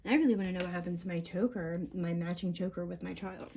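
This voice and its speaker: A woman's voice: lowish voice, quick pace, mellow. A mother venting on camera in a rambling monologue, swearing often, agitated and breaking into laughs between lines.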